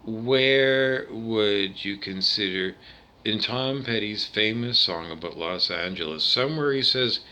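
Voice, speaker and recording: Guy rambling slow into the camera, bright kinda edgy tone, lower voice, wanders off topic a lot. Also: dull audio. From Canada. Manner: rambling, digressive, restarts and tangents. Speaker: vlogger. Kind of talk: unscripted monologue to camera.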